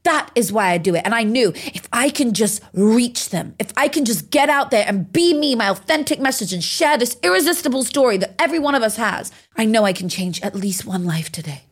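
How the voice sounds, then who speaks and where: A woman's voice: fairly high pitch, a little fast, few pauses, breathy edge. Uk woman in her 30s, motivational speaker type, punchy and fired up, swears a lot. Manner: energetic, emphatic, swears freely. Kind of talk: podcast interview.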